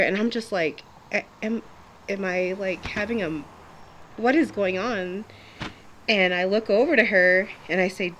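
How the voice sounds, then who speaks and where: A woman's voice: mid-range voice, a bit bright, slight background noise. A young adult woman telling a personal story in a chatty, casual way, with frequent laughs, fillers and restarts.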